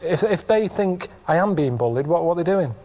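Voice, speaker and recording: Deadpan man in his thirties. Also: on the high side, fairly quick. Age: 30s. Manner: deadpan, plainspoken, rambling. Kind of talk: deadpan anecdote in a TV interview.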